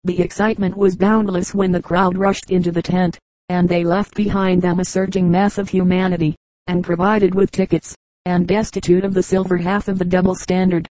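A woman narrates an old book in a measured, orotund reading style. Her voice is low and quite flat, with a mellow, warm tone, and it sounds close and dry. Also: no echo, rough recording. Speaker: audiobook reader. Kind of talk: audiobook narration.

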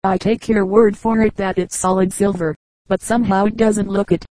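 Casting: narrator doing a hesitant woman shopper, soft and mellow. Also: mid-range voice, level tone, moderate pace, no room sound, natural voice. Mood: doubtful. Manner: hesitant, doubtful. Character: hesitant doubtful woman customer.

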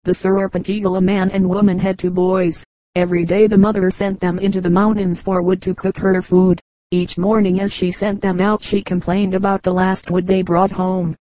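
A woman reading folk tales aloud as an audiobook narrator, in a calm, even storytelling delivery. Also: medium pitch, moderate pace, no room sound, rough recording. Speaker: audiobook reader.

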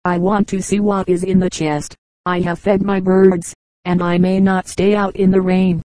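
A woman's voice: on the low side, little pitch movement, moderate pace, dark tone, no echo, close to an everyday voice, poor audio. A woman reading the part of a curious, brave little girl in a storybook. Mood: eager.

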